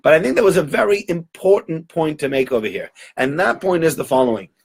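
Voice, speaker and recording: A man's voice: on the high side, animated, brisk, vocal fry, breathy edge. A man teaching through a story in an easygoing, conversational way. He talks in loose, chatty sentences with frequent fillers and restarts. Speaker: Torah teacher. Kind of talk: storytelling holiday talk.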